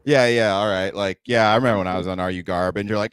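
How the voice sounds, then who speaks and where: Bay Area comedian guy, young, playful banter, lowish smooth voice. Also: quick pace, hardly any pauses, dry recording, clean studio sound. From San Francisco Bay Area. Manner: jokey, laughs often, slips into silly voices. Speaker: podcast guest, comedian. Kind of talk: casual podcast banter.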